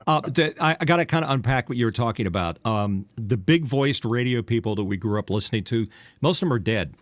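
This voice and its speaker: A man's voice: mid-range voice, expressive, fairly quick, no echo. An older man, a former radio DJ, co-hosting a casual podcast chat, teasing and telling stories with a trained broadcast delivery.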